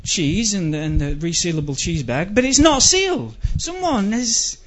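A man's voice: high voice, sing-song, normal speed, lo-fi sound. A man doing a stand-up comedy rant, exasperated and swearing as he complains.

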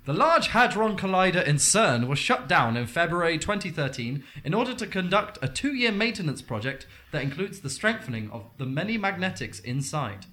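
Bright, lively-voiced man hosting a mock game show. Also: fairly high pitch, moderate pace, hardly any pauses. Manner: playful, often laughing mid-sentence.

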